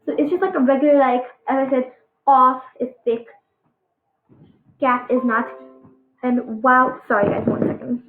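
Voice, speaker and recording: High-voiced woman teaching letter sounds. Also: steady tone, faint music behind. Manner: halting, filler-heavy, encouraging. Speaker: Arabic alphabet teacher. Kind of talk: casual online pronunciation lesson. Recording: echoey, tinny phone-like sound.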